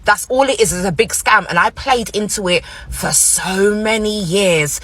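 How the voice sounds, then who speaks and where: A stressed woman vents bluntly to her followers, swearing and repeating her points. Her voice is husky, and it sits at an ordinary middle pitch. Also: moderate pace, fairly bright tone. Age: 40s. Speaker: vlogger. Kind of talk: casual ranting to followers.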